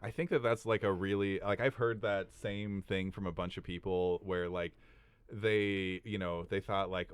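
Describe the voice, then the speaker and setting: A man's voice: low voice, fairly even intonation, normal speed, clean tone, dry recording. A man hosting a podcast, chatting casually with lots of fillers. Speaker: podcast host.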